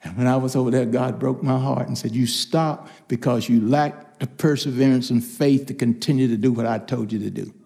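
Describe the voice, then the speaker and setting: An older man preaching a personal testimony, telling stories with lively quoted voices. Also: mid-range voice, brisk, gravelly, hardly any pauses. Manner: animated storytelling, acts out quoted voices. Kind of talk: testimony sermon.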